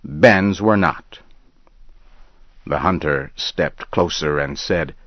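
Deep voiced guy reading a story super slow, dry close sound. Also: animated, dry recording. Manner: slow, measured reading aloud. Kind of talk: scripted story narration. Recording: dull lo-fi recording.

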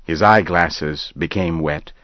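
Very slow, deep-voiced man telling a story. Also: a bit bright, no echo. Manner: slow, measured reading aloud. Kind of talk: scripted story narration. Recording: dull lo-fi recording.

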